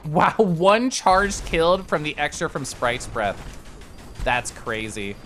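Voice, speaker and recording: Excitable streamer over game music. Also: mid-range voice, takes it slowly. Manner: chatty, excitable, reads chat aloud; swings from mumbled to loud bursts. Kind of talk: casual gameplay commentary.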